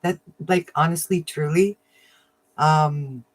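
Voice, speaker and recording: A woman hosting a casual crafting livestream, chatting warmly with viewers, getting emotional and laughing often. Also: deep voice, steady tone, slow pace. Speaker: livestream host of a crafting channel.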